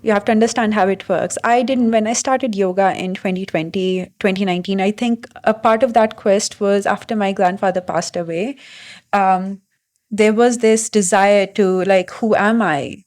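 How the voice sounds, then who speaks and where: Young woman, reflective solo vlog, halting delivery with frequent fillers, medium pitch. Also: fairly even intonation, darkish tone. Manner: thoughtful, halting, many fillers and restarts. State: briefly emotional. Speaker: vlogger. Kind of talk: reflective casual monologue.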